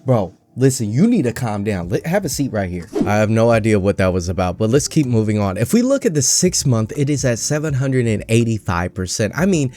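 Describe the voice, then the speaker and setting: A man's voice: fairly low pitch, sing-song, brisk, few pauses, noisy background. A man hosting a casual, jokey stock market vlog, rambling with self-mocking asides.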